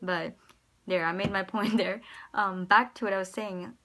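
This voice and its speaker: American woman, casual vlogger, mid-pitched, talks in halting rambly bursts, full of ums. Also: fairly even intonation, fairly bright tone. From United States. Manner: rambling and hesitant, many ums and restarts. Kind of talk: casual personal storytelling to camera.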